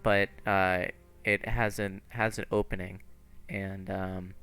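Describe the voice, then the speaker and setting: A man's voice: low voice, flat delivery, slow, fairly bright tone, smooth. A man narrating as game master in a tabletop game, laid-back and rambling.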